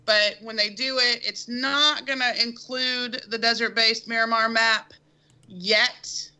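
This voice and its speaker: Very bright-voiced female co-host. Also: on the high side, fairly even intonation, takes it slowly. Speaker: podcast co-host. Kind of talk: casual chat.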